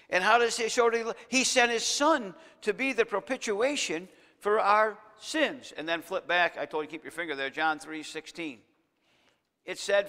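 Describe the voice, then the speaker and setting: A man preaching to his congregation, his voice bright and forceful and a touch higher than most. He builds his points to emphatic peaks and turns to the listeners directly. The sound rings with the long reverb of a church sanctuary. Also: expressive, moderate pace. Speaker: pastor. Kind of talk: sermon.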